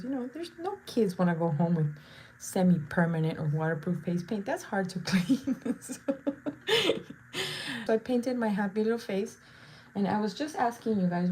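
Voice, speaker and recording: A woman's voice: medium pitch, dark tone, a little hiss or hum. Bubbly chatty woman live-streaming. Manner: bubbly, chatty, playful asides. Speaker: face painter and live streamer. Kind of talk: casual live-stream chat while painting.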